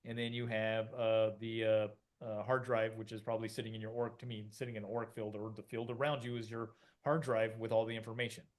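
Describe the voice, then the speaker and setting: A man's voice: on the low side, level tone, quick pace, hardly any pauses. A middle-aged man, a podcast co-host, explaining ideas in a rambling casual way, with many fillers and restarts, often acting out quoted voices.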